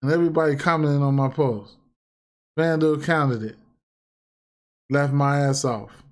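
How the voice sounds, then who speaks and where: A man's voice: mid-range voice, steady tone, a little slow, long pauses, darkish tone. A man ranting casually and profanely on a livestream about sports bets, repeating himself and getting heated. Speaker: sports betting streamer.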